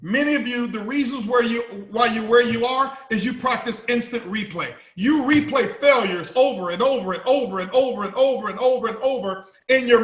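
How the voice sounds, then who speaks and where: A man with a very high, bright, forceful voice delivers an emphatic motivational speech, repeating himself and pressing every point. His voice rings out in a roomy, echoing hall. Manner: emphatic, repetitive, preaching. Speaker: company CEO giving a motivational talk.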